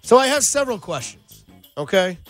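A man hosting a sports radio show, talking in an energetic, playful banter. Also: sits high, moderate pace, soft background music.

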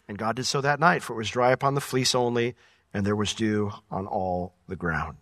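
A man preaching through a Bible passage verse by verse, animated, swinging between emphatic highs and quiet lows, with frequent chuckles. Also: normal speed, no room sound. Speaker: pastor. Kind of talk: expository Bible teaching.

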